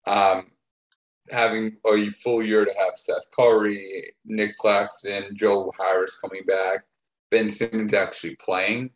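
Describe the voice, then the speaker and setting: A man co-hosting a casual sports talk show, speaking in a rambling, halting way with many restarts. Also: on the low side, little pitch movement, rough recording. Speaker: podcast co-host.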